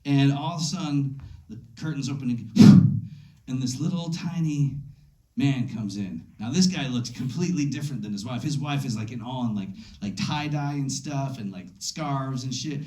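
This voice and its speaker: A man doing a stand-up comedy set on a club stage into a handheld mic, telling an animated story full of fillers. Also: mid-range voice, normal speed. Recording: echoey club room.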